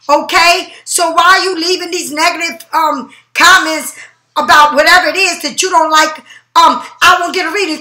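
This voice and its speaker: Cursing, high bright-voiced woman ranting. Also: reverberant. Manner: profane, confrontational, slow emphatic stresses. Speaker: tarot reader. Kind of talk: angry rant to camera. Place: home.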